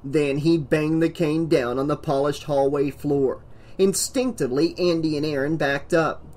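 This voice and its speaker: A man reading a horror novel aloud as an audiobook narrator, with dramatic emphasis. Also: a little high.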